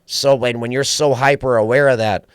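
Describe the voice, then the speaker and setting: A man's voice: medium pitch, steady tone, normal speed, clean tone, no echo, clean studio sound. A man guest on a podcast, telling stories in casual chat with profanity, acting out quoted voices. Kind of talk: casual storytelling.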